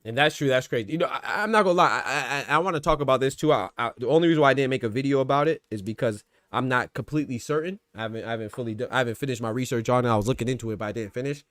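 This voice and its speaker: A man's voice: medium pitch, very fast, hardly any pauses, a bit bright, no echo, clean studio sound. A man hosting a casual livestream, arguing his points and answering chat, repeating phrases to press them home. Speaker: boxing talk show host.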